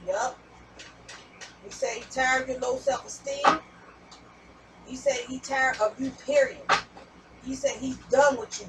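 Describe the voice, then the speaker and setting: A woman's voice: high voice, expressive, a little slow, pauses often. Blunt, cussing woman tarot reader. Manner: blunt, profane, addresses viewers directly. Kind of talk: casual spiritual message reading. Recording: distant mic with background noise.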